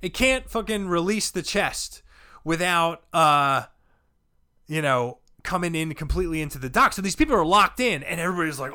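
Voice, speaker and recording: A man, a comedian guest, telling a rowdy, profane story with animated delivery and sudden shouts. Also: on the high side, normal speed. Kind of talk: storytelling chat.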